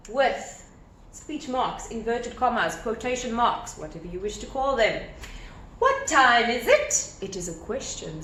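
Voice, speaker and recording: A woman teacher explaining a grammar lesson step by step, animated and repeating key points. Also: medium pitch, slight background noise. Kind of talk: recorded grammar lesson at a whiteboard. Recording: echoey room with faint ambience.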